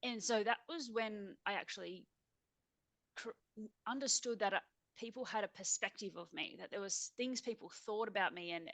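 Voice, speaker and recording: A woman's voice: medium pitch, fairly bright tone, dry recording. An Australian woman, a guest on a remote video call, telling her personal story in a reflective, earnest way and laughing easily. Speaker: interview guest.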